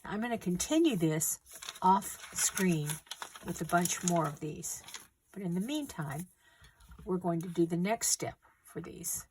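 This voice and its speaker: A middle-aged woman with a slightly low voice gives gentle, unhurried instructions for a paper craft. A faint hiss sits behind her as she works on the table. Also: lively intonation. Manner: gentle, unhurried instructions while working with hands. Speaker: craft tutorial host. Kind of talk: step-by-step craft demonstration.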